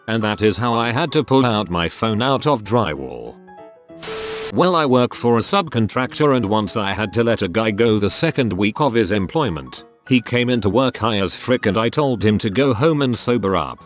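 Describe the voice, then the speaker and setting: Lively low-voiced male story narrator. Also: moderate pace, soft background music. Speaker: narrator reading online stories.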